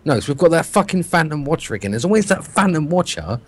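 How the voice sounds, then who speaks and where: A British man co-hosting a gaming podcast, telling stories in a lively, swear-heavy way. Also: on the high side, quick pace, no room sound. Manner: animated, swears a lot, storytelling. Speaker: podcast co-host. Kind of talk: casual gaming chat.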